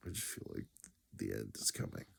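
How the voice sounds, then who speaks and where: A man's voice: brisk, a bit bright. A grieving man telling a personal story in a reflective, rambling way, sighing and dropping to near-whispers. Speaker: vlogger.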